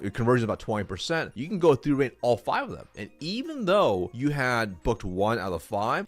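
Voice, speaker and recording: Direct, instructive male sales trainer. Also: mid-range voice. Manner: direct, instructive, repeats key points. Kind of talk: screen-share tutorial walkthrough.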